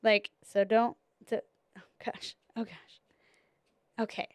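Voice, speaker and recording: Chatty laughing young woman, smooth and close. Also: a little high, flat delivery, slow pace, no echo. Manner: chatty storytelling with frequent laughs and fillers. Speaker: podcast host. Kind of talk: casual solo chat.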